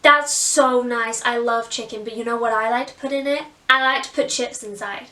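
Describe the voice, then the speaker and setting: A woman's voice: fairly high pitch, steady tone, normal speed, pushed and bright, distant mic, voice pushed down. A British woman voicing a cheerful, naive young princess with a put-on American accent, asking children eager questions. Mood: bubbly. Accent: American, put on by a British speaker.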